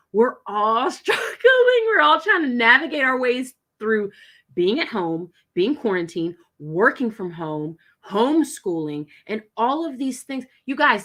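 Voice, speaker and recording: A woman guest giving an energetic, emphatic motivational pep talk. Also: on the high side. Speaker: guest coach.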